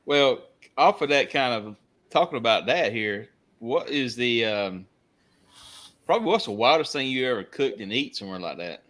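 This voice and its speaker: A man's voice: mid-range voice, animated, moderate pace, a bit bright. A man hosting a barbecue podcast, asking his guest easygoing questions and musing aloud. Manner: easygoing, asks open questions and muses aloud. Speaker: podcast host. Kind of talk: casual interview chat.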